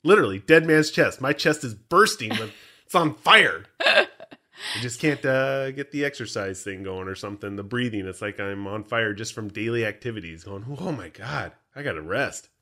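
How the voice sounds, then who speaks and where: A podcast co-host with a lowish voice speaks at a moderate pace in casual chat. He's animated and joking, often poking fun at himself.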